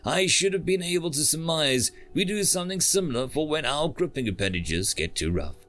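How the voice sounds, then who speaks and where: Gentle, inquisitive alien creature, female, played by a male narrator, voice pushed high. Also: lively intonation, fairly quick, soft background music. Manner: inquisitive, mild and polite.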